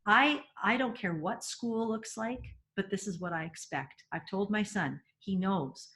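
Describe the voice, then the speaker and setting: A middle-aged woman gives parenting advice in a webinar, earnest and emphatic. She laughs easily, doubles back on her words, and keeps her pitch in a middle range. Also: unhurried, a bit bright.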